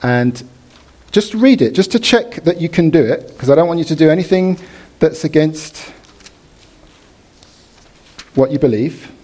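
A man preaching a sermon in church, animated, leading the congregation in reading and response. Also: fairly high pitch, unhurried, pauses often.

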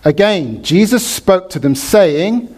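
A man preaching a sermon, pitched a little above the usual male range. He is animated and leads the congregation in call and response from the pulpit. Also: takes it slowly. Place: church.

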